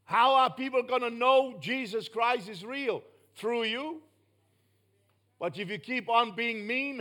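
A man preaching with a noticeably high voice. He presses his points emphatically, climbing to loud bursts before dropping back to quiet asides. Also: lively intonation, a little slow. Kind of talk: sermon.

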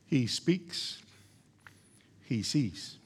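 A man preaching a sermon, emphatic and repetitive, building from quiet explanation to loud exhortation. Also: mid-range voice, animated, very slow, slightly rough.

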